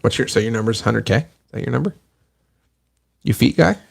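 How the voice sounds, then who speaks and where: A man's voice: medium pitch, expressive, a little fast, vocal fry, a little mellow, breathy edge. A man co-hosting a sports podcast, rambling and laughing as he swears casually. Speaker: podcast co-host.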